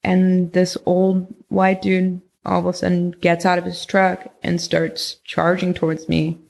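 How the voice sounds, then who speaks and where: A woman's voice: fairly low pitch, completely flat delivery, a little slow, gravelly, a little mellow. A young woman from Northern California telling her own story in casual conversation, rambling and swearing, with lots of "like". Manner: rambling, heavy use of "like", frequent swearing. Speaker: podcast guest recounting experiences.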